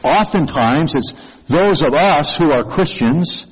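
A slow, measured male pastor preaching with an earnest tone and a slightly raised pitch. He often pauses to ask the congregation questions. His voice carries a long reverb and sounds dull, like a lo-fi recording made in a large hall. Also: lively intonation, breathy edge. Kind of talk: sermon.

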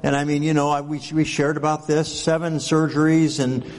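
A man's voice: fairly high pitch, flat delivery, normal speed, darkish tone. A man preaching a sermon as pastor, speaking conversationally and often checking in with "right?". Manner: conversational, rhetorical questions, often adds "right?". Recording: long hall reverb.

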